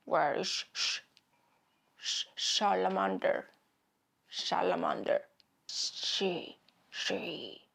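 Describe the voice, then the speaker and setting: A woman with a Greek accent voicing Batman practicing to hide his lisp, hissing and hushed. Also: on the low side, fairly even intonation, extremely slow, creaky, long pauses, pitched below the performer's own voice, full character voice. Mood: fussing.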